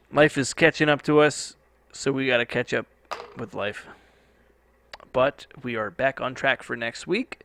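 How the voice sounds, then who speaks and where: Alone in the studio, this podcast host rambles in a relaxed style, swearing casually. He has a mid-range, fairly bright voice with no room sound.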